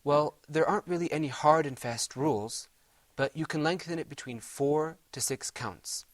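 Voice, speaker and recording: A man's voice: a little high, normal speed. A middle-aged man teaching Quran recitation in a televised lesson, patiently explaining step by step and chanting Arabic examples.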